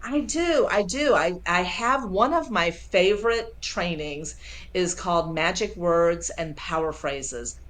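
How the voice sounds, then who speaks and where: A woman sales coach being interviewed over a video call, talking with lively enthusiasm and acting out quoted dialogue. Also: fairly low pitch, unhurried. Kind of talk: casual interview.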